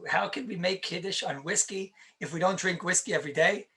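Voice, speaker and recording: Bright-voiced rabbi giving an emphatic lecture. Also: male voice, high voice, a little fast. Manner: emphatic, repeats points, asks and answers his own questions. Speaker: rabbi teaching halacha. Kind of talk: conversational Torah lecture.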